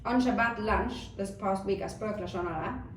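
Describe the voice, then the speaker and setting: A woman's voice: mid-range voice, normal speed. Woman, earnest lecturer, echoey room, faint background hum. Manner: earnest, animated when acting out a child's outbursts. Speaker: parenting teacher. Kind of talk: lecture to a group. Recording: echoey room, mic at a distance, faint ambience.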